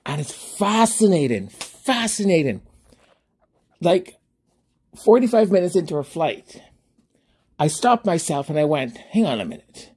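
Speaking at normal speed with long pauses, a man with a slightly high, breathy-edged voice hosts his own podcast. He tells a story in a casual, animated monologue, laughing often and acting out both sides of a conversation.

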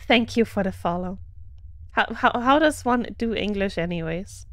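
A woman's voice: medium pitch, lively intonation, takes it slowly, long pauses, no echo. A woman with a German accent, chatting casually while streaming a game, laughing and greeting followers. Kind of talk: casual live gameplay commentary.

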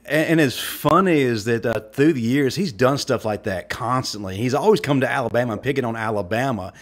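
A man co-hosting a casual sports chat, joking and animated. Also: medium pitch, fairly quick. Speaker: podcast co-host.

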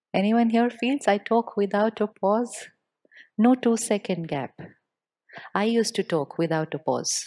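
Slow, measured woman speaker. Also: mid-range voice, mellow. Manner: measured, with deliberate pauses and questions to the audience. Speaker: spiritual speaker. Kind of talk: public talk to a live audience.

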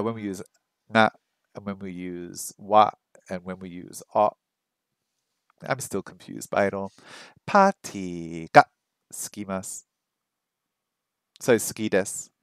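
A man's voice: fairly low pitch, clear, resonant tone, no room sound, studio quality. A man on a casual study stream, thinking aloud, repeating phrases over and over and joking at his own mistakes. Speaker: streamer learning a language. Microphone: streaming microphone that picks up his voice weakly.

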